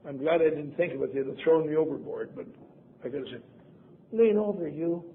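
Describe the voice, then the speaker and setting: A man's voice: medium pitch, quick pace. Wry older man telling his story on a lo-fi tape. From Wisconsin, USA. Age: 70s. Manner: wry, self-mocking, acts out quoted voices. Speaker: convention speaker. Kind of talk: personal storytelling talk. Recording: lo-fi tape, phone-like, faint hiss.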